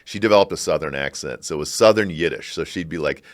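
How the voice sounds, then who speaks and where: A middle-aged man from Chicago, a scholar talking in a podcast interview, reflective and halting with animated bursts. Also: very deep voice. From Chicago, United States. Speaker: guest, scholar and university provost.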